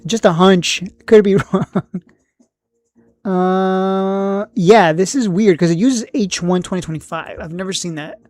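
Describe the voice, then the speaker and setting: A woman hosting a casual stock live stream, thinking aloud with lots of fillers and blunt asides, a little hoarse from losing her voice. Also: medium pitch, unhurried, a little mellow. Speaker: stock livestream host.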